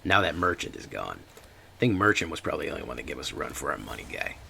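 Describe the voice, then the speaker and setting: A man with a deep voice giving casual, joking commentary while streaming a card game. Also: big pitch swings, fast talker, creaky, pushed and bright, a little hiss or hum. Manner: joking, chatty, talks to chat.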